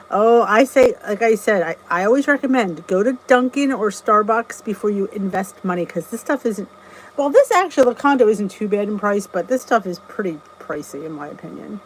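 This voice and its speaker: A woman's voice: medium pitch, lively intonation, moderate pace, slight background noise, poor audio. A middle-aged woman hosting a casual live stream, chatting and greeting viewers by name, often laughing at herself. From New Jersey. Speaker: channel host.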